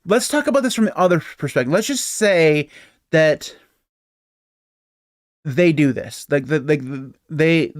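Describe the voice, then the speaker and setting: A man's voice: on the high side, lively intonation, unhurried, long pauses, no room sound, clean studio sound. Rambling man co-hosting a tech podcast. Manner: rambling, chuckling often. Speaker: podcast co-host. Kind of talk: casual tech chat.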